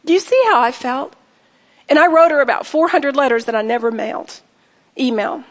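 A woman's voice: high-pitched, animated, brisk. A middle-aged woman giving an earnest, heartfelt personal testimony, speaking directly to her listeners. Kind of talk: emotional personal testimony to an audience. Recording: long hall reverb.

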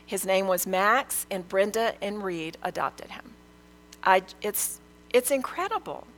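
A woman's voice: mid-range voice, lively intonation, measured pace, fairly bright tone, poor audio. An older woman, a grandmother, giving an earnest, emphatic testimony, repeating phrases for weight. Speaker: speaker sharing a testimony. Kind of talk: testimony sermon.

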